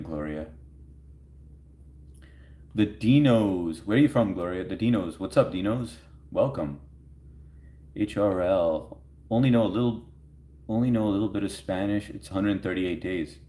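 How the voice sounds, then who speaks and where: Deep-voiced easygoing man streaming live. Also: moderate pace, long pauses, warm tone. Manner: chatty, easygoing, laughs often, reads viewer comments aloud. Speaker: livestream host answering chat. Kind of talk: casual chat. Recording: echoey room.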